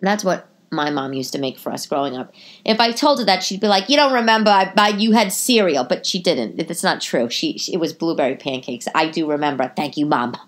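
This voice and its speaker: Chatty, rambling comedian mom with a stuffy nose. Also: female voice, brisk. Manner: chatty, rambling with tangents and self-corrections; animated, pitch jumping up for emphasis. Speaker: podcast host and stand-up comedian. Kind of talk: casual monologue to listeners. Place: living room at home.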